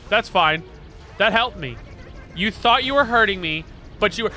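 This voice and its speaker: High-pitched, excitable male gamer. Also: normal speed, pauses often. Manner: excitable, loud outbursts and swearing. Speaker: gaming streamer. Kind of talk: let's play commentary. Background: game music.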